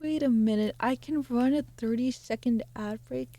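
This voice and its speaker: Young woman, streamer, fairly high voice, chatty, rambling, apologetic, reading aloud. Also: moderate pace, warm tone, dry recording.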